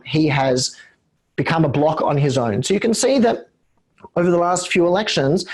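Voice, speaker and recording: A man with a croaky voice from a cold, hosting a webinar and explaining results with many "uh" fillers. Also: a little high, darkish tone. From Australia. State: hoarse from a cold. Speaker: host and executive director.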